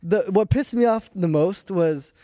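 A young man with a notably high voice, co-hosting a comedy podcast and telling animated stories. He swears freely and slips into the voices of the people he quotes. The sound is close and dry, with no room around it. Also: measured pace, no echo. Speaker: podcast co-host. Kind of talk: casual comedic chat.

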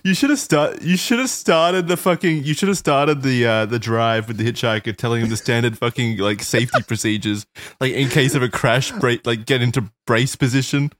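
A man's voice: mid-range voice, a bit bright, no room sound. Laughing man in casual podcast banter. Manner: laughs a lot, quick joking interjections, swears. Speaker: podcast co-host. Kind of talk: casual chat.

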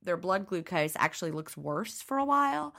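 A woman's voice: lowish voice, sing-song, moderate pace, gravelly, a bit bright. A middle-aged woman co-hosting a podcast in casual chat, explaining things plainly and laughing easily. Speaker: podcast co-host.

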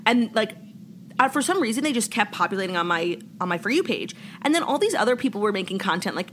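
A woman's voice: mid-range voice, fast, a little hiss or hum. A young woman from New York co-hosting a podcast, telling a story in casual chat full of "like" fillers. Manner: chatty, heavy "like" filler, animated retelling. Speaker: podcast co-host.

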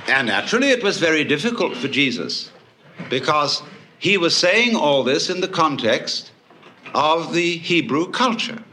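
A man giving a public lecture to an audience, telling stories in a wry, animated way with swooping emphasis. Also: a little high, a little slow, slight background noise.

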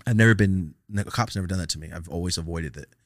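A man's voice: deep voice, fast talker, no echo, studio quality. A young man hosting a casual podcast, telling a profane story and acting out the voices of the people in it.

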